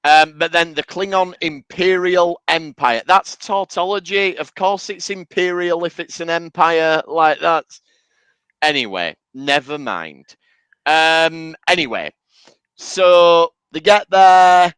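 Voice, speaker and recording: Smooth-voiced man chatting casually. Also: a little high, lively intonation, slow, a bit bright, no echo. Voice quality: chatty, meandering, sweary. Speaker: podcast co-host. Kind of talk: casual chat recapping an episode.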